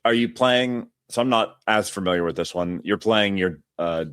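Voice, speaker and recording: A man's voice: fairly low pitch, moderate pace, fairly bright tone, clean tone, no room sound, studio quality. A man co-hosting a board game podcast in casual chat, playful and rambling as he tells stories. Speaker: podcast co-host.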